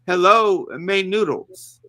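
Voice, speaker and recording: A man's voice: sits high, slow, pushed and bright, no room sound. A man hosting a livestream call-in, talking in a teasing, provocative way. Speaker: stream host. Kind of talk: casual livestream chat.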